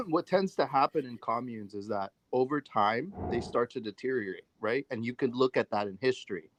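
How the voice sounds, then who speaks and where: A man's voice: medium pitch, animated, normal speed, fairly bright tone, a little hiss or hum, poor audio. A man from the United States talking casually as a podcast host, loose and conversational, with many fillers and restarts.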